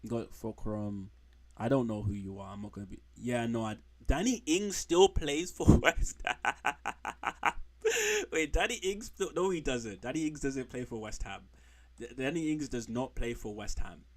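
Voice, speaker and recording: A man's voice: mid-range voice, normal speed. A man streaming from home, rambling frankly through football players with slang and blunt put-downs. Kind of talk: casual live-stream commentary.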